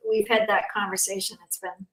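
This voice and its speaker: An older woman hosting a casual conversation, speaking in an earnest, gentle way. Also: mid-range voice, level tone, brisk. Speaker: host. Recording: echoey, distant from the mic.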